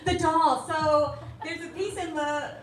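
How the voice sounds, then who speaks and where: A woman's voice: high voice, steady tone, unhurried, crowd noise. Laughing middle-aged author woman. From Alabama. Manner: chatty, laughing often, storytelling. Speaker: author at a book event. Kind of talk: casual Q&A answers. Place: bookstore event room. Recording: roomy room, distant mic, faint hiss.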